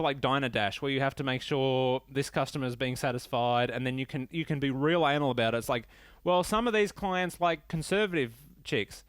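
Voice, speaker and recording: A man's voice: a little high, no room sound. Profane rambling man, dry sound. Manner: rambling, profane, animated rants. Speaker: podcast host reviewing games. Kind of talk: casual solo podcast talk.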